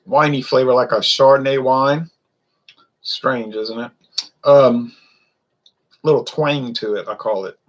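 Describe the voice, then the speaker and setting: A man's voice: medium pitch, a little slow, long pauses, muffled recording. A man, chatting loosely and rambling through a casual beer review. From Louisiana. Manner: rambling, chatty, wanders off topic.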